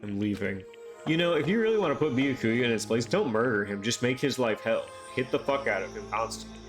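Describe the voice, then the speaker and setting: A man's voice: medium pitch, animated, a little fast. Man reading game dialogue over music. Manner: reads every character's lines himself, then breaks into loose swearing chat. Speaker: streamer. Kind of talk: reading game dialogue aloud while streaming.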